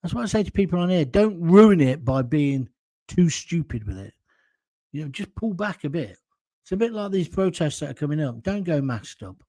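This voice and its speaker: Chatty blunt British man, fairly high voice. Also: expressive, moderate pace, mellow, no echo. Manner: chatty, blunt, jokey, reads viewer comments. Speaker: show host. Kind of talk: casual solo commentary.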